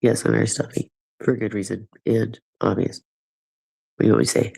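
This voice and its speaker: A low, gravelly man rambles through a casual livestream chat with his viewers. He sounds stuffed up in the nose, and his sardonic talk is full of swearing. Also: little pitch movement, brisk, dark tone, poor audio.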